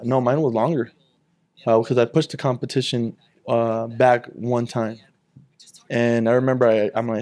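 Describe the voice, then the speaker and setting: A man's voice: medium pitch, fairly even intonation, normal speed, warm tone. A young man in casual chat, telling a long story at a rambling pace, swearing freely and acting out what others said. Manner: rambling, swears freely, acts out quoted talk. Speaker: guest.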